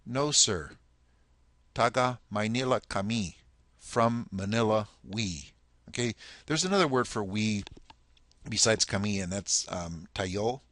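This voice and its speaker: A man's voice: on the low side, lively intonation, measured pace, a bit bright, no room sound. A man teaching a language lesson, explaining phrases patiently and repeating them often, in an informal, chatty way.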